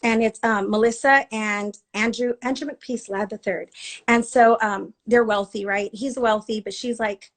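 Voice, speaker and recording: A woman's voice: a little high, steady tone, unhurried. A woman chatting casually on a live video, rambling and acting out the thoughts she quotes. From Latina. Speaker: actor on a live chat. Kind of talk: casual chat.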